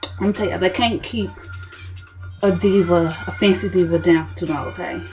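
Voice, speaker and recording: A woman's voice: on the low side, steady tone, moderate pace, darkish tone, lo-fi sound, faint music behind. A woman telling a story to camera in a sassy, dramatic diva manner. She keeps tossing in "okay, honey.". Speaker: vlogger.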